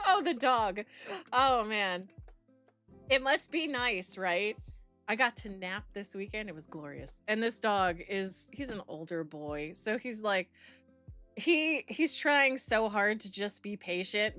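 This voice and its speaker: Young woman streamer, loose rambling live chat, quick to laugh, mid-pitched voice. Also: expressive, a bit bright, soft background music. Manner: rambling, chatty, laughs often. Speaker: streamer reacting to videos and reading chat.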